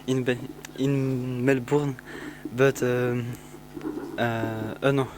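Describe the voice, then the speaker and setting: A teenage boy introduces himself to pen pals, halting with many restarts and fillers. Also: mid-range voice, little pitch movement, background noise. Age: teens. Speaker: student.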